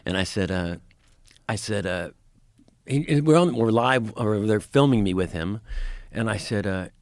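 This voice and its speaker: Man, comedian, rambling storyteller, stammering, gravelly, dry close sound. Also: on the low side, expressive, dry recording. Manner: rambling, stammering, profane, quick to laugh. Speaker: podcast guest, comedian. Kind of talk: anecdotal storytelling.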